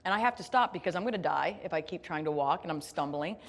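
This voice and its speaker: A woman from the United States giving a motivational keynote, telling a story in an animated, playful, self-deprecating way and speaking straight to her audience. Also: fairly low pitch, fast talker.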